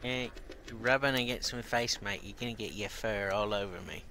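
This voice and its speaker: A man's voice: lowish voice, normal speed. A man giving casual gameplay commentary, swearing freely and chatting fondly to his cat between moves. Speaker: gaming video creator. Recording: loud background noise.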